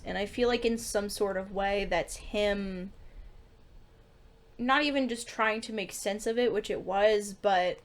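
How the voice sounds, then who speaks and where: A young woman co-hosting a podcast, speaking bluntly and frankly about a film, with the odd curse. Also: mid-range voice. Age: young adult. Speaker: podcast co-host. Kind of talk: casual film discussion.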